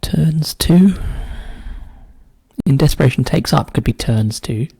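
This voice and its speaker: A man with a dark, gravelly voice talks himself through a crossword. He often trails into a quiet mutter. The sound is dry and close, with no room echo. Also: mid-range voice, a little fast. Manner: muses aloud, often drops to a quiet mutter. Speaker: crossword solver. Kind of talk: casual solo puzzle-solving commentary.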